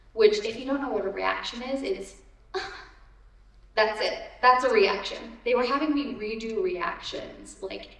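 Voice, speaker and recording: Slow, giggly woman in an echoey hall. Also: medium pitch, gravelly, far from the mic. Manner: rambling and giggly, with lots of ums and restarts. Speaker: voice actor on a convention panel. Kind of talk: casual Q&A storytelling. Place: large convention hall.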